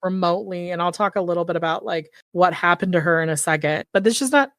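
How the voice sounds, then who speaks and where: Woman, podcast host, casual true-crime recap, filler-heavy, blunt swearing, low voice, dry close sound. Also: quick pace, no echo. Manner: animated retelling with quoted voices.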